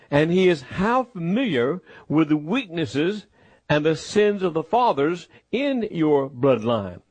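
A man preaching a sermon, emphatic and repetitive, with deliberate pauses. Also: a little high, darkish tone, no room sound.

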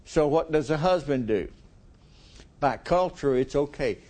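A man's voice: fairly high pitch, expressive, a little slow, a little mellow. A middle-aged male preacher giving a folksy, conversational sermon, chuckling often and asking the congregation questions.

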